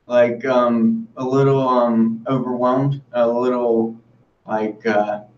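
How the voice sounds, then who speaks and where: A man's voice: medium pitch, flat delivery, takes it slowly, a little mellow. Giggly kinda shy guy on a video call, far from the mic, echoey and muffled. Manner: upbeat, giggly, a little shy. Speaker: interview guest. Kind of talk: casual interview. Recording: distant, dull, echoey call audio.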